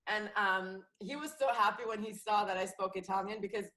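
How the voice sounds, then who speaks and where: A woman's voice: mid-range voice, brisk, sharp tone. A woman comedian and actress chatting as a podcast guest, talking freely, laughing often and restarting her sentences. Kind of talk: casual chat. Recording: roomy echoey sound.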